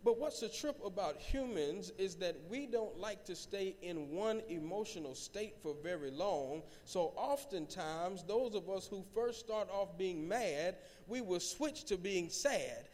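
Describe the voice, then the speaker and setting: High-voiced preaching pastor in a reverberant hall. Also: male voice, animated, unhurried, few pauses, darkish tone. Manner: call-and-response preaching, building in volume. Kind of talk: sermon. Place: church sanctuary.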